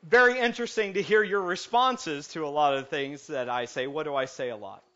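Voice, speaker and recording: A man preaching a lighthearted sermon as pastor, joking with his congregation before settling into calm, earnest preaching. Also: fairly high pitch, a little fast, a little hiss or hum. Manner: jokey and animated, then calm and earnest. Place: church sanctuary. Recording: muffled lo-fi sound.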